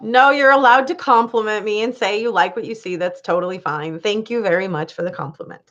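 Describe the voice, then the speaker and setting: A woman's voice: mid-range voice, fairly quick. A woman hosting a casual live chat, reading viewers' comments aloud and laughing often. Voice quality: laughs often, chatty and animated. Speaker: livestream host. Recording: dull lo-fi livestream audio.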